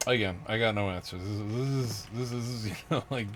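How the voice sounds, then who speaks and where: A man's voice: lowish voice, fairly quick, fairly bright tone. A man ranting in a rambling monologue, out of breath, restarting often and laughing bitterly between thoughts. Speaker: vlogger. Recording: noisy background with vehicle sounds.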